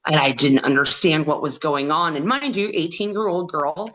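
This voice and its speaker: A woman with a low-pitched voice speaks as a guest on an interview podcast. She tells a painful personal story in an earnest, halting way, often stopping to restart. She voices other people's remarks in quoted dialogue. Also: a bit bright.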